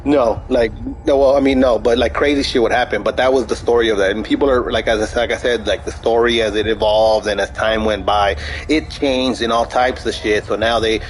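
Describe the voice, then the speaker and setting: A man's voice: medium pitch, fairly even intonation, fairly quick, a little hiss or hum, low-quality recording. A young man chatting casually over gameplay, telling a story in a rambling, profane way with many restarts. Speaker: gaming streamer.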